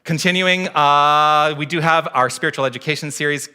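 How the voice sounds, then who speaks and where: A male minister giving church announcements, relaxed and a little tongue-tied, with frequent fillers. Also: on the high side, moderate pace, clear, resonant tone. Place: church sanctuary.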